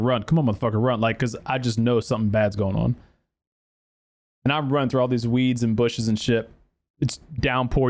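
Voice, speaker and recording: Male podcast host, swears freely, rambling animated storytelling. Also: medium pitch. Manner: profane, animated storytelling with acted quotes; lots of fillers and restarts. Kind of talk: casual storytelling.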